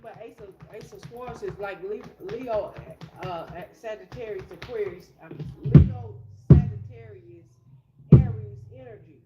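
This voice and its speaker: A woman's voice: medium pitch, measured pace. A woman doing a casual tarot reading in a blunt, profane, streetwise way. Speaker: tarot reader. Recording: echoey room with loud music.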